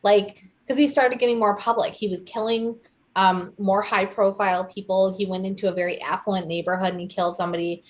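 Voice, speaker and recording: A young woman co-hosting a casual chat, telling a story with animated quoted voices. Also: mid-range voice, a little fast. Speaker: podcast co-host.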